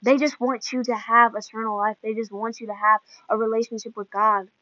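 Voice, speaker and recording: A woman's voice: a little high, flat delivery, a little fast, pushed and bright, no room sound. A woman hosting a podcast, giving an earnest, emotional devotional talk in a preaching manner. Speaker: podcast host. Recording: dull lo-fi dry sound.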